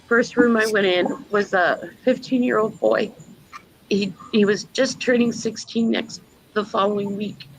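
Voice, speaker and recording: A mother speaks slowly and earnestly, telling her own story at a measured pace. She pauses often between phrases. Her voice sits at an ordinary middle pitch for a woman. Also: fairly even intonation, a little hiss or hum, poor audio. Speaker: guest mother. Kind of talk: personal testimony.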